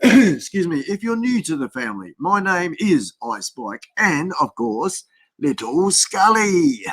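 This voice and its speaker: A man's voice: on the high side, fairly bright tone. An Australian man hosting a casual live stream, chatting in a rambling way and greeting viewers by name, speaking into a built-in webcam mic.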